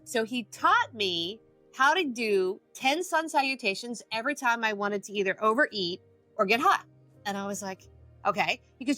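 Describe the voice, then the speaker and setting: A woman's voice: a little high, animated, normal speed, pushed and bright, dry recording, faint music behind. A middle-aged woman telling her story casually as a podcast guest, acting out quotes with animation. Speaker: guest, addiction coach.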